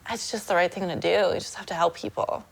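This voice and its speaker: An American woman, a mentor to adult industry workers, speaking candidly in a documentary interview in a nervous, emotional and halting way. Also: fairly low pitch, fairly even intonation, vocal fry.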